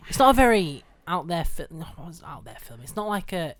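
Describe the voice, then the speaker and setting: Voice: medium pitch, big pitch swings, brisk, no echo. A young podcast co-host chatting casually about a film, with stumbling restarts.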